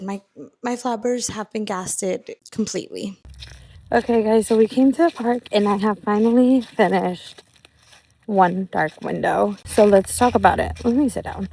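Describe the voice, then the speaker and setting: A woman's voice: medium pitch, gravelly, darkish tone. A young woman chatting casually in a book vlog, reacting dramatically and repeating herself. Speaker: book vlogger. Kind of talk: casual reading vlog chat. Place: outdoors at a park; at home while cleaning.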